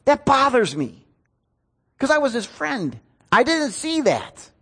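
A man's voice: very high voice, big pitch swings, slow. A man, a pastor preaching a sermon in an earnest, storytelling way. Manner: earnest, storytelling with rising emotion.

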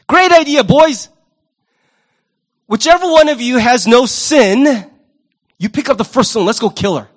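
A man voicing Jesus as a calm, blunt figure who rebukes his accusers, with a high voice for a man. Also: unhurried, pauses often, exaggerated voice. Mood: mocking.

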